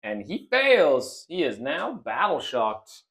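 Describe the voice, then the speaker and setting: A man hosting a tabletop wargame battle report, narrating each turn in an animated way with frequent laughter and playful exclamations. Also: fairly high pitch, slow, slight background noise. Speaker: host and player.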